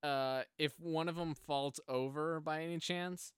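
A man's voice: a little high, fairly even intonation, a little slow, smooth, dry recording. A man hosting a casual podcast at home, rambling along with lots of fillers, speaking close into a stand mic. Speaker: podcast host. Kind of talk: casual chat. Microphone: close drum mic on a stand.

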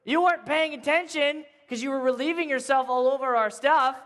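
A man voicing a bold young warrior who loudly teases a king, raising his voice high. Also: fairly quick, long reverb tail. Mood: taunting. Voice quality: loud, teasing, high-pitched shouting.

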